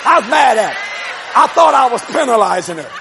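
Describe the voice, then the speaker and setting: High-voiced shouting preacher. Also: male voice, very animated, a little fast, gravelly, crowd noise. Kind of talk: televised sermon. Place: church service before a congregation. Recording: live congregation with loud laughter and noise.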